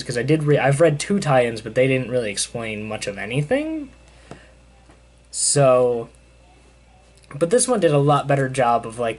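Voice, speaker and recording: A young man casually recapping a comic in a loose, rambling way with lots of fillers. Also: mid-range voice. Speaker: comic book reviewer. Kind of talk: casual chat.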